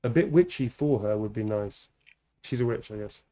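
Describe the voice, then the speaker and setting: His voice is lowish, expressive and dark, at a moderate pace: a tired man hosting a casual livestream. He keeps it playful and teasing toward his co-host, laughs often, and thanks viewers.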